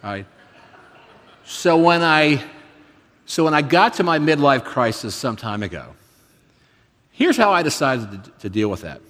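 A man in his fifties preaches a sermon in a relaxed, storytelling way, his pitch rising and falling a lot as he pokes fun at himself. His voice carries a long reverb from a large hall. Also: unhurried, long pauses. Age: 50s. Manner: conversational storytelling with self-deprecating humor. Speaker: guest preacher.

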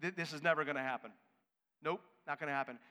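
Figure: impulsive male disciple, put on by a preacher. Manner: blunt, dismissive protest. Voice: high and bright. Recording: echoey hall. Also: quick pace. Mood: blunt, defiant.

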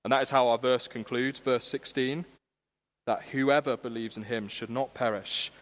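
A young man preaching a sermon, earnest and animated, moving from self-mocking humor to hushed, serious appeals. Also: mid-range voice, normal speed. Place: church. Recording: long church reverb.

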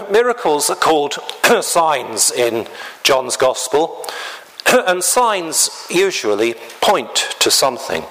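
A man preaching a sermon in a slow, deliberate way, often clearing his throat. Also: a little high, sing-song, fairly bright tone, low-quality recording.

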